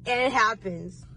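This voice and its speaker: A woman's voice: on the high side, pushed and bright, a little hiss or hum, rough recording. A woman in a car pulled over, talking to camera in a rambling, laughing, defiant confessional rant. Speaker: vlogger.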